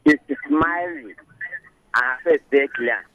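A man's voice: medium pitch, wildly swooping pitch, unhurried, vocal fry, no echo. A man with a Nigerian accent calling in to give advice, talking emphatically and mixing in pidgin. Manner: emphatic, loud, mixes pidgin. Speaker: caller. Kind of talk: phone-in advice. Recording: muffled phone line.

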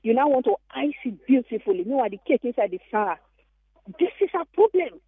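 A woman with a Nigerian accent calling into a radio show, telling an animated, emphatic story. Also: on the high side, a little fast, slightly rough, dry recording. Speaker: caller. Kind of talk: call-in radio comment. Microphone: phone. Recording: tinny phone line.

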